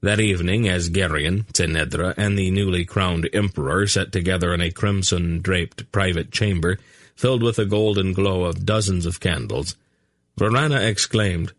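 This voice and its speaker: Male audiobook narrator, low gravelly husky voice, unhurried, lively pitch, dry close sound. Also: no room sound. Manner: slow, measured reading with character voices. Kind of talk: scripted narration.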